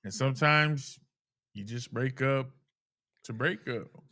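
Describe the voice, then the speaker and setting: Man, 40s, podcast co-host, easygoing storyteller, bright forward tone, mid pitch. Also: slow pace, dry recording, clean studio sound. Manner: easygoing storyteller, calls friend bro and dog. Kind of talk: casual chat.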